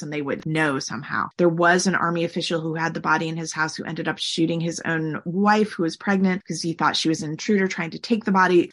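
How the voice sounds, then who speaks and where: A woman with a low, husky voice talks through a long story as an interview guest. She is chatty and loose, filling her talk with "like" and putting on voices for the people she quotes. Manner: chatty, uses "like" often, animated quotes. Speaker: guest expert. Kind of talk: conversational interview.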